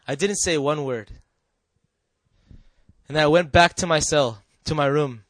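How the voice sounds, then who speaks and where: A man shares a personal testimony with a live audience, his voice sitting a little high for a man. He talks earnestly, keeps drawing the listeners in with quick questions and sinks soft and quiet at the tender parts. The sound is dry and close, with no room echo. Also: expressive. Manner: storytelling, often asking the listeners "right?". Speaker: speaker sharing a personal testimony.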